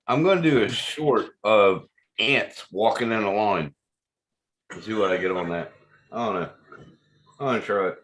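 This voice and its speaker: A man's voice: lowish voice, moderate pace, pauses often, fairly bright tone, roomy sound. A man hosting a casual group video call, telling jokey stories and laughing along. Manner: joking, laughing storyteller. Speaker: channel host.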